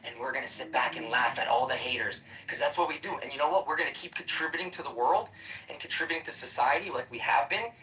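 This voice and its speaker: A man's voice: mid-range voice, fast, bright, forceful tone. A man ranting aggressively and with heavy profanity in a heated live-stream debate. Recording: voice distant from the mic.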